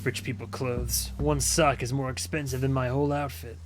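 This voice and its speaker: A man's voice: mid-range voice, little pitch movement, normal speed, over music. A young man casually commentating a video game stream, laid-back and joking, with easy swearing.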